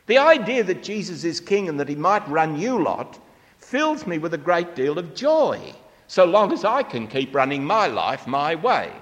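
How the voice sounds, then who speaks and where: A man's voice: fairly high pitch, big pitch swings, unhurried, a bit bright, in a large hall. A man preaching a sermon, asking the congregation rhetorical questions.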